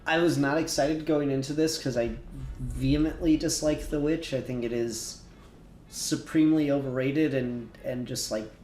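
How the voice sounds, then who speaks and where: Man, podcast host, casual banter, laughs a lot, casual swearing, mid-pitched voice, echoey room. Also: steady tone, normal speed, a little mellow. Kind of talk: casual chat.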